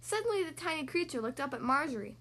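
A young woman hosting a podcast, reading a children's storybook in a friendly, expressive way. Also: high voice, fast.

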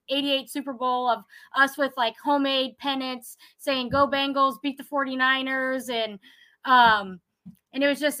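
A young woman from Ohio, USA, who won a contest, talks in a high-pitched, sharp voice. She's a guest on an excited phone interview, telling her story chattily, acting out what other people said, and using "like" a lot.

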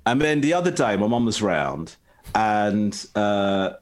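A man's voice: on the low side, big pitch swings, unhurried. A man in his thirties telling family stories in casual chat, often laughing. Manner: rambling storyteller, laughs often.

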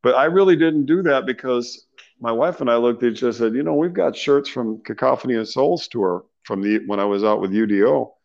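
A middle-aged man, a singer, being interviewed, telling stories in a loose, animated way with slang and laughs. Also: mid-range voice, fairly quick, creaky, lo-fi sound. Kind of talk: casual storytelling interview.

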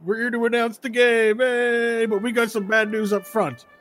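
Brassy intercom tournament announcer, high and loud, showy patter, played by a man. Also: little pitch movement, moderate pace. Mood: announcing.

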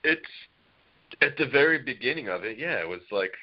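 A man appears as a podcast guest, chatting casually and laughing as he rambles through family stories like a lively storyteller. His voice is medium-pitched and a little fast, and the recording is dry with dull audio.

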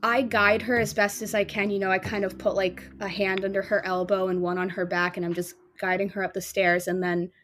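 A woman playing in a tabletop horror game, casually narrating her character's gentle, caring actions. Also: mid-range voice, level tone, brisk, hardly any pauses, slight background noise. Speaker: player. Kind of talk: tabletop role-play.

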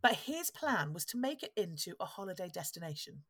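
A woman's voice: lowish voice, very animated, fairly quick, a bit bright, no echo, clean studio sound. A woman, hosting a podcast and telling a history story in a chatty, wry way that often breaks off and restarts. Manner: chatty, wry, self-interrupting. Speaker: podcast host. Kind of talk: casual storytelling chat.

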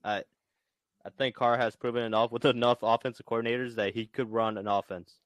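A man's voice: medium pitch, little pitch movement, a little fast, dry recording. A man co-hosting a casual football podcast, rambling with many fillers and swearing. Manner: rambling, profane, filler-heavy. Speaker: podcast co-host. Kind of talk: casual sports chat.

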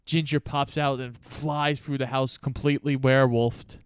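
A man's voice: medium pitch, steady tone, moderate pace, clear, resonant tone, no room sound. A man co-hosting a casual podcast, recapping a movie with easy laughter and gleeful exclamations. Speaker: podcast co-host.

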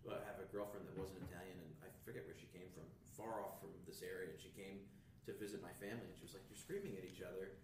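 A man hosting a casual chat, eager and quick to agree, talking over the others. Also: low-pitched, steady tone. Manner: eager, agreeing, rapid-fire. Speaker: host. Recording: distant mic, echoey room, background noise.

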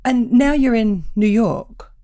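A woman's voice: a little high, slow pace, warm tone. A woman interviewing a guest in a reflective, conversational way, riffing with repeated phrases.

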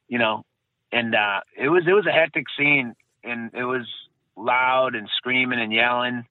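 In a relaxed interview, a man who survived a bombing recounts what happened to him, wandering off track, repeating phrases and correcting himself along the way. His voice is mid-range and his pace moderate. The recording sounds dry and phone-like, with no room sound.

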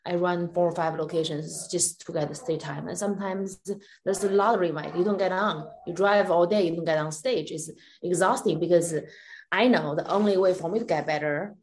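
A woman's voice: on the low side, fairly quick, a little mellow, a little hiss or hum. A woman comedian talking bluntly and emphatically in an interview, with frequent fillers. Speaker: comedian guest. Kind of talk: candid interview talk.

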